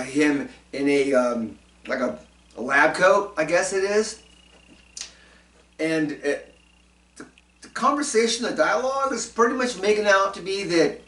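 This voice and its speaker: A man's voice: on the high side, fairly bright tone. Rambling man, roomy distant mic. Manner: rambling, many fillers and restarts, chuckling asides. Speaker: show host doing commentary segments. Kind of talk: casual rambling commentary.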